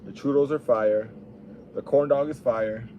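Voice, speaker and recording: A man's voice: mid-range voice, steady tone, unhurried, highs cut off, a little hiss or hum. A young adult man hosting a podcast, talking casually in a rambling, profane, laid-back monologue.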